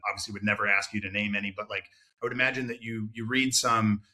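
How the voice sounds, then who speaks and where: A man's voice: fairly low pitch, level tone, fast, bright, forceful tone. A man in his thirties hosting a podcast interview, chatty and casual, with frequent "right?" and "like". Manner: chatty, friendly, many fillers like "right?" and "like". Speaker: podcast host.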